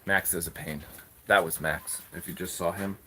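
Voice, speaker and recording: A man's voice: sits low, steady tone, normal speed, background noise. A man hosting a live stream from a farm, doing chores in the barn and talking fondly to the animals as he goes. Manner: chatty, talks fondly to the animals.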